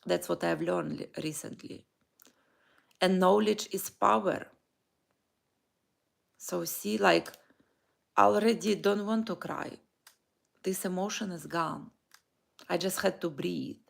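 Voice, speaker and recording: Woman talking slow and heartfelt to camera, lots of vocal fry. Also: on the low side. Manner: slow, halting, heartfelt, with pauses and restarts. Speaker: vlogger and life coach. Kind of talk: personal morning reflection vlog.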